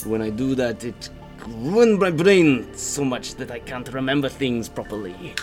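A man voicing a forgetful, jittery tiefling trickster who stammers and swings between loud and hushed. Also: medium pitch, lively intonation, unhurried, soft background music, close to an everyday voice. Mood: scatterbrained.

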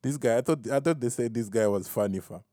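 A man's voice: medium pitch, fast, dark tone, no echo, studio quality. A man hosting a solo podcast, rambling and self-mocking, laughing at his own jokes and dropping "fam" into his talk. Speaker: podcast host.

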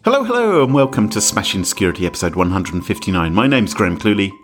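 A man co-hosting a casual podcast, talking quietly in a husky half-whisper from a small echoey room. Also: on the low side, very animated, fast talker, music in the background. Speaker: podcast co-host.

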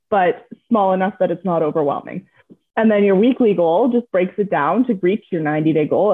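A woman's voice: mid-range voice, husky. A woman guest in a casual interview, a coaching client who talks in an earnest, upbeat way and laughs easily. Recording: tinny call line.

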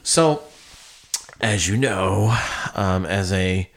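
A man hosting a podcast, asking long open questions in a relaxed, joking way. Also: low voice, drawn-out words. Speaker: podcast host. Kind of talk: casual interview chat.

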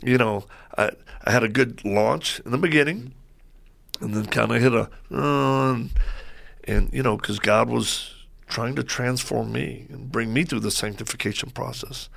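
A man as a guest on a faith talk show, telling stories in a lively way and acting out what people said. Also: medium pitch, unhurried, creaky. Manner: lively storyteller who acts out quoted voices.

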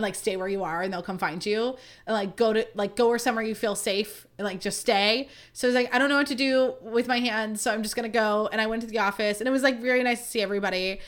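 A woman's voice: medium pitch, a bit bright. A woman in her thirties, a podcast host, telling a story in a casual, chatty way with lots of asides to her listeners. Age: 30s.

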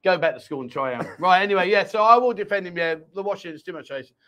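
High-voiced man, teasing banter. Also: animated, a bit bright. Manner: jokey, teasing, quick laughs. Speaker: chat show host. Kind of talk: casual banter reading viewer comments. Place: Pattaya, Thailand.

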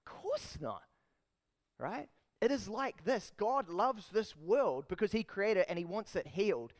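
A man with a New Zealand accent preaching a sermon, lively and emphatic, putting rhetorical questions to the congregation. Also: high-pitched. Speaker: pastor.

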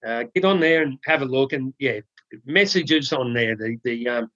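A man's voice: medium pitch, no echo. Laid-back man, dry sound. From Australia. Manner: relaxed, halting, many ums and restarts. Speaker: podcast co-host. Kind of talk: casual chat, telling a joke. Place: home studio in the UK. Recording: dry, slightly dull sound.

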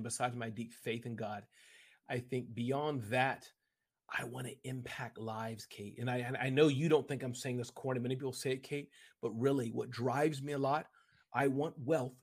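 A man guest on a video-call interview, talking about business in a rambling, animated way and often addressing the host by name. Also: medium pitch, breathy edge. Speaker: podcast guest, entrepreneur. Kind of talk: casual interview chat.

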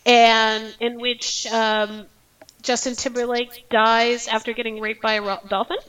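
A woman's voice: on the high side, level tone, measured pace, a bit bright, clean tone, rough recording. A woman co-hosting a casual gossip podcast, reacting with disbelief and frequent laughter. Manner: incredulous, laughs often. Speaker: podcast co-host.

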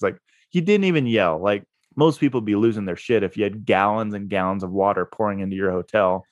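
Male guest, low easygoing voice, casual storyteller, dry close recording. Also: fairly quick, no echo. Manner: laid-back, laughs through his own story. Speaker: guest, real estate investor.

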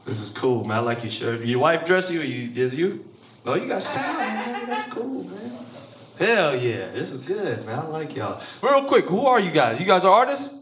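A male comedian works a club stage with a bright, high, swooping voice. His delivery is loose and profane, full of crowd work. The sound is roomy and live. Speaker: stand-up comedian. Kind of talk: stand-up comedy set.

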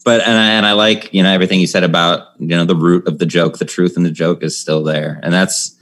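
Male podcast host, deep and even delivery, relaxed and hesitant questions. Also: quick pace. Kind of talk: interview questions.

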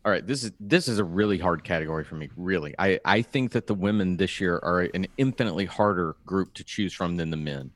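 A man's voice: deep voice, fast, hardly any pauses, no echo. A man co-hosting an awards-prediction chat, talking eagerly and often repeating words as he starts a thought. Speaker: podcast co-host. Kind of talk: casual chat.

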